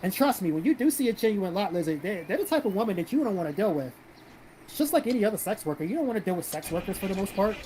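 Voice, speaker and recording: A blunt, profane man from South Carolina hosts a casual livestream, reading viewer comments aloud and answering them. He talks in a plain, everyday way. Steady background noise sits under his voice, with vehicles passing now and then. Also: sits high, very fast, rough recording. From South Carolina, American South. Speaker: livestream host reading chat.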